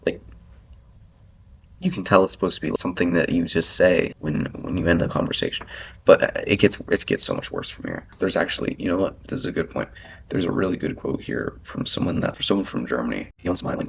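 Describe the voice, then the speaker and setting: A man's voice: low voice, big pitch swings, fast talker, vocal fry, a little hiss or hum. A man ranting in rambling commentary as he reads an article aloud, swearing often and filling his talk with "like". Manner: rambling, profane, lots of "like" fillers. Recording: dull lo-fi audio.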